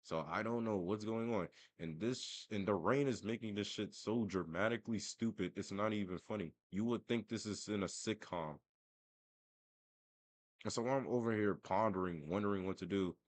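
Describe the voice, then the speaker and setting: Deep-voiced young man ranting. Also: moderate pace, no room sound. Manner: profane, rambling, self-mocking. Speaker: vlogger. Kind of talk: casual storytelling rant.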